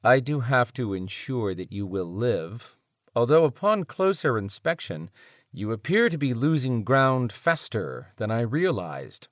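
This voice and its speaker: A man voicing a smooth-voiced, mysterious male captor who speaks with calm condescension. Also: medium pitch, dry recording, clean studio sound. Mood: cold. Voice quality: smooth, hushed. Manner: measured, condescending.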